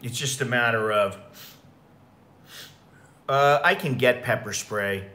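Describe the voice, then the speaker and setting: A man's voice: medium pitch, takes it slowly, sharp tone. An American man telling rambling, profane stories in a casual livestream chat. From United States. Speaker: expat vlogger.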